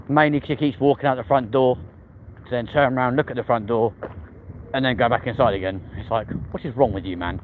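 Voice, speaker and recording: London guy live-streaming on a loud busy street, phone mic, slangy banter with chat. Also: medium pitch, poor audio. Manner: bantering, reading out viewer comments with slangy replies. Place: outdoors on a busy city street. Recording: loud street traffic noise.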